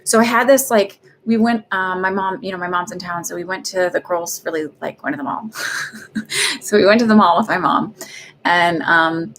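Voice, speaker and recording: A woman's voice: fairly low pitch, moderate pace, fairly bright tone, a little hiss or hum. Middle-aged woman host, rambling casual livestream chat, filler-heavy storyteller. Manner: chatty and rambling, with frequent fillers and laughs. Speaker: psychic medium livestream host.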